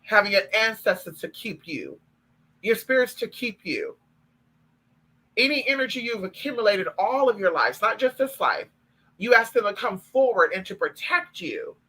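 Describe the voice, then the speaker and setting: A man's voice: high-pitched, big pitch swings, moderate pace, pushed and bright, husky, rough recording. A man, talking in a sassy, profane and emphatic way as he chats on a live stream with viewers about spiritual practice.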